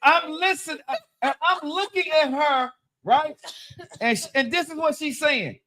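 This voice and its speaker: A man in his thirties telling a profane story in a lively, dramatic way, checking in with "right?" again and again. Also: extremely high pitch, normal speed. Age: 30s. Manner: animated, dramatic, repeats "right?". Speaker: storyteller on a live-streamed talk show.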